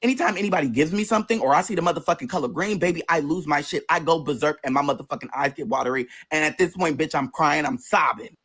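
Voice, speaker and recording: Brief: animated, foul-mouthed man telling a storytime, fairly high voice. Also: quick pace, few pauses, breathy edge. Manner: animated, profane, sassy. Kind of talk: casual storytime.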